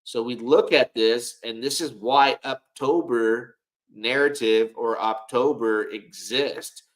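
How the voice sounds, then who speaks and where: A man's voice: medium pitch, takes it slowly, poor audio. Male livestream host, casual commentary, rambling and self-assured, keeps repeating words.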